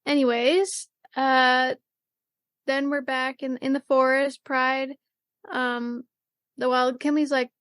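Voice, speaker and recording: Woman, high voice, podcast co-host, casual chatty recap, rambling, many fillers, dry close sound. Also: flat delivery, slow, fairly bright tone, dry recording. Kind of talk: casual anime recap chat.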